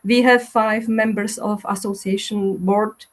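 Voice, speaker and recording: Slow, flat-voiced woman with a cough. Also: mid-range voice. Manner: slow, careful presenting with hesitations. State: sick, weak voice with a cough. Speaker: association representative. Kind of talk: webinar presentation.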